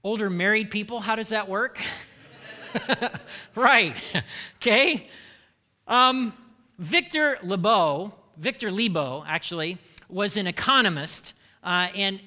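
A man's voice: sits high, lively intonation, measured pace, pushed and bright. An American man preaching a conversational sermon as a pastor, teasing and joking with his congregation. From United States. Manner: conversational, playful, teasing the audience. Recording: long hall reverb.

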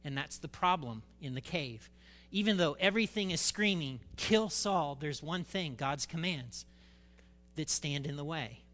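High, bright-voiced male preacher in reverberant hall. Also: measured pace. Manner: animated, dramatic scripture reading. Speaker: pastor. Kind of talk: sermon.

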